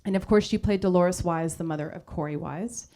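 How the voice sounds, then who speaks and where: A woman hosting a live stage interview, asking measured, prepared questions. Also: lowish voice, mellow. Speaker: host.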